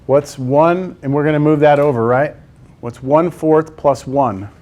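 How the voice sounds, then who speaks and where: A man's voice: fairly high pitch, measured pace, darkish tone. A male math teacher, teaching a class in a classroom and quizzing his students as he works through problems. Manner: coaxing, quizzes students with frequent "right?". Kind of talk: classroom lecture.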